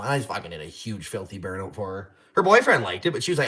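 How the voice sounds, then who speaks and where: A man's voice: mid-range voice, sing-song, fast talker, fairly bright tone. Rambling, profane Canadian guy in his garage. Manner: rambling, profane, trash-talking. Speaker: livestream host. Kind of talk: casual livestream chat. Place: home garage.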